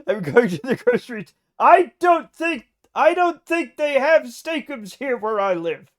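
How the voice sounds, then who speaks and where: High-voiced joking male streamer. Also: very animated, unhurried. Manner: joking, profane, bursts into laughter. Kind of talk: casual chat with live viewers.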